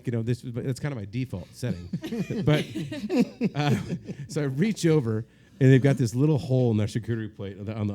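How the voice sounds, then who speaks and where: Warm, animated male storyteller. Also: mid-range voice. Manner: animated, self-deprecating, laughs often. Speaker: podcast guest. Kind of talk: casual storytelling. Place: podcast set at a magazine office.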